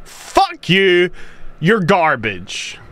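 A man's voice: high-pitched, wildly swooping pitch, very slow, a bit bright. A man giving casual commentary while playing a game, ranting in frustration and swearing.

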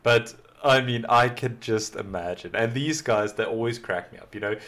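A man's voice: medium pitch, normal speed, fairly bright tone. A man hosting a reaction video, giving enthusiastic, rambling commentary and often repeating himself. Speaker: reaction channel host.

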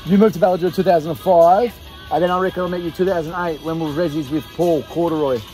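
A man's voice: on the high side, steady tone, fast talker, dark tone, soft background music. An Australian man in his thirties, filming a casual campsite vlog with mates, teasing and laughing a lot. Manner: jokey, teasing, laughs often. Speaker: vlogger. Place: campsite outdoors at night.

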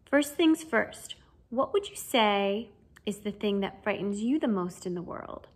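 A woman voicing a kindly, cheerful middle-aged male teacher in a fan audiobook reading, with a gentle, encouraging way of explaining. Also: mid-range voice, animated, unhurried.

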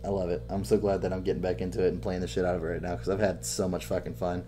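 A man co-hosting a podcast, telling game stories in casual chat with heavy swearing and loud acted-out quotes. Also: deep voice, little pitch movement, racing, faint music behind. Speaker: podcast co-host.

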